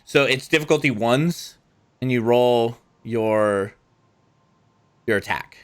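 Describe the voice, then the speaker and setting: A man with a smooth, medium-pitched voice speaks slowly while narrating a tabletop game as game master. He rambles, using lots of fillers and voiced asides.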